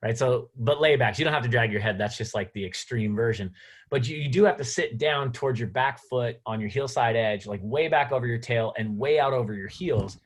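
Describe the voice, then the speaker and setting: A man drops into a video call to share a teaching idea. His voice is mid-pitched and easygoing. He rambles enthusiastically through the drill step by step. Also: fairly quick, breathy edge. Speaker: session host and snowboard trainer. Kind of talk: casual chat on a video call.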